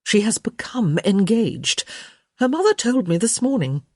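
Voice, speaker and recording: A woman's voice: medium pitch, big pitch swings, unhurried, husky, no echo, studio quality, pitched above the performer's own voice. Woman voicing Violet, a fretting society mother. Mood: anxious. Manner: insistent, coaxing.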